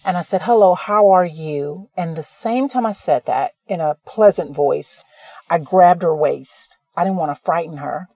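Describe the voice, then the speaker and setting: A woman's voice: low voice, normal speed, mellow, breathy edge, no echo. A woman host telling a personal story in a casual, rambling way, often correcting herself mid-sentence. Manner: rambling, conversational, self-correcting. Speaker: podcast host.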